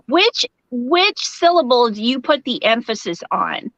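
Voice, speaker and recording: A woman's voice: fairly high pitch, very animated, unhurried, hardly any pauses, a bit bright, no echo. A woman co-hosting a casual crochet livestream over a video call, chatty and giggly, often trailing off mid-sentence. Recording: dull lo-fi video call audio.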